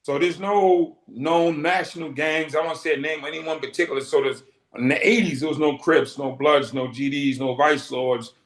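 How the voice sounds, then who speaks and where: A man's voice: a little high, fairly even intonation, normal speed. A middle-aged man from Boston telling his story as an interview guest, acting out the dialogue he quotes. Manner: vivid storyteller who acts out quoted dialogue. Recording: roomy echo.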